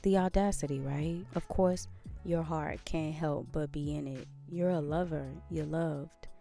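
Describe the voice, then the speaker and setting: A woman's voice: low-pitched, steady tone, a little slow, creaky, mellow, faint music behind. A woman hosting a podcast, talking earnestly in a casual motivational monologue and repeating phrases for emphasis. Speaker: podcast host.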